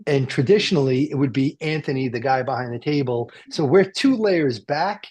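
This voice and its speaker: Husky-voiced man hosting a chatty radio show. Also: medium pitch, normal speed, a little mellow. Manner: rambling, joking, many fillers and restarts. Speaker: radio talk show host. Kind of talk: casual chat. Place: car dealership.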